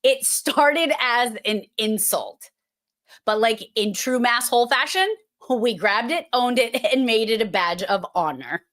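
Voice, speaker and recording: Woman, unhurried, playful storytelling host. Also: a little high, a bit bright. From Massachusetts. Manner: storytelling, playful and chatty, with filler words. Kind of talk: casual presentation.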